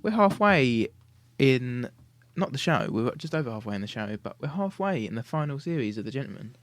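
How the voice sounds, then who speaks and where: A man's voice: medium pitch, sing-song, brisk, dry recording. A young man from the UK hosting a student radio show in casual studio chat, giggling and trying out silly impressions. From United Kingdom. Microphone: studio microphone.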